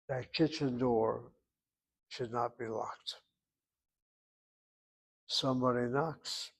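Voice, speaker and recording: A man teaching a Hebrew class, explaining grammar step by step and calling on students by name. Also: mid-range voice. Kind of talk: online class instruction.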